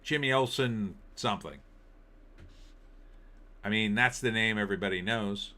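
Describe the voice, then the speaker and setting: A man's voice: lowish voice, normal speed, bright, forceful tone. A middle-aged man hosting a casual live-stream, rambling and opinionated as he reacts to entertainment headlines and viewer comments. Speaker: political commentary host.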